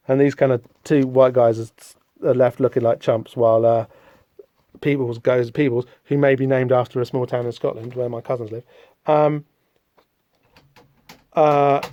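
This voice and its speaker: A man's voice: medium pitch, dark tone, no echo, dull audio. A man hosting a casual solo podcast, rambling through a comic book with self-deprecating, apologetic asides. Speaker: podcast host.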